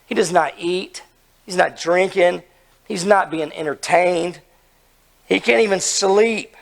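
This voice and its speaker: A hoarse man with a gravelly, slightly high voice delivers an earnest sermon in a pastor's style. He preaches slowly and with emphasis, repeatedly posing questions to his listeners.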